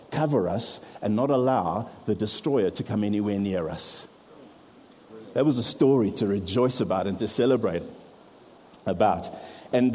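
A man preaching to a congregation, his voice mellow and dark in tone. He explains patiently and steps aside now and then to poke fun at himself. Long reverb hangs around his words in the hall. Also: medium pitch, breathy edge. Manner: explains with props, self-deprecating asides. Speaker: pastor. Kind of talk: sermon.

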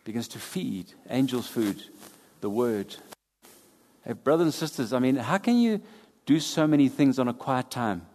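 A man preaching a sermon, swinging between loud and hushed as he drives his points home. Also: mid-range voice, expressive, normal speed. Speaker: pastor. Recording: long hall reverb.

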